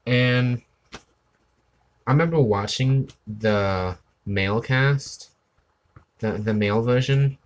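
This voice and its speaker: A young man from Maryland talks loosely while drawing on a live stream. He rambles from topic to topic, laughs easily and drifts into humming between thoughts. His pitch sits in a middle range for a man. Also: takes it slowly, pauses often. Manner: rambling, laughs often, hums and sings nonsense. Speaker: art streamer. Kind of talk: casual chat while drawing.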